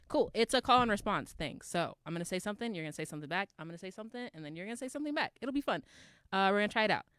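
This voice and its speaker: A woman's voice: medium pitch, animated, very fast, fairly bright tone, smooth, dry recording. A young adult woman performing spoken word poetry at an open mic, with rhythmic, emphatic delivery and call and response with the crowd.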